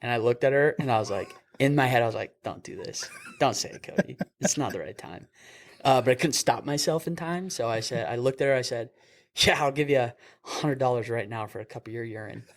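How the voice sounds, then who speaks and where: A young man, an EMT and podcast host, telling a story with lively acted-out quotes and frequent laughter. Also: medium pitch, fast talker. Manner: animated storyteller, acts out quotes, laughs often. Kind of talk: casual storytelling chat.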